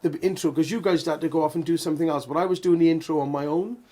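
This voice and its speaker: A middle-aged man in a band, telling stories in a lively, laughing way during a casual interview. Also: a little high, rapid-fire. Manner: animated, laughing storyteller. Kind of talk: casual storytelling chat.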